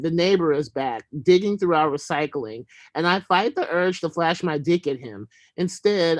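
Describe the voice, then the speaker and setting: A man's voice: a little high, no echo. Wry man reading his own prose. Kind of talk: literary reading.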